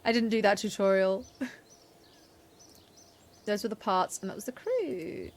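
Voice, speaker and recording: A woman's voice: medium pitch, very animated, unhurried, long pauses. A woman chatting through a game on a live stream, self-deprecating and laughing often.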